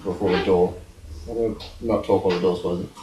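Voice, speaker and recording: A man's voice: deep voice, fairly even intonation, fast talker, background noise. A man in his twenties hosting a casual podcast chat, joking and laughing often. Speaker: podcast host. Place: home room. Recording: echoey room.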